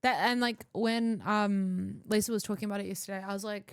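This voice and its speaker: A woman's voice: mid-range voice, flat delivery, brisk, few pauses, smooth. A young adult woman streaming live, chatting casually and rambling with lots of fillers.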